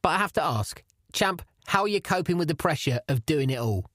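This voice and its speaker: A man's voice: fairly high pitch, expressive, brisk, a bit bright, no echo, clean studio sound. A man hosting a comedy podcast, playing the patient straight man who gets flustered when pressed. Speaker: podcast host. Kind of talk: scripted comedy podcast dialogue.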